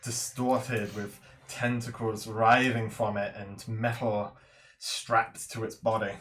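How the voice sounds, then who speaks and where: A man running a tabletop game as game master, describing scenes and explaining rules in a measured way. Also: lowish voice, flat delivery, a bit bright, a little hiss or hum.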